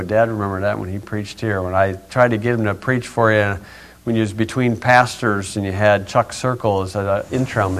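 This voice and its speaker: Brief: male pastor, relaxed folksy Bible teaching, chuckles, rambling asides. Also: on the low side.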